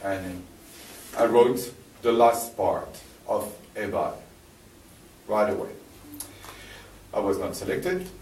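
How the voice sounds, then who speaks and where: A man with a French accent giving a live talk to an audience in a library room, telling stories with halting restarts and fillers. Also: lowish voice, a little mellow, a little hiss or hum. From France. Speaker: speaker giving a presentation. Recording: roomy distant live recording.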